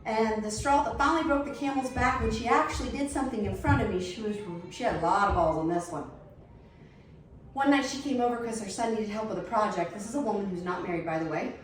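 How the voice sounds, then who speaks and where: A middle-aged woman, telling a blunt, animated story while setting a table. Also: a little high, fast talker, far from the mic, a little hiss or hum. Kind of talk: casual storytelling chat. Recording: echoey room, voice from off the mic.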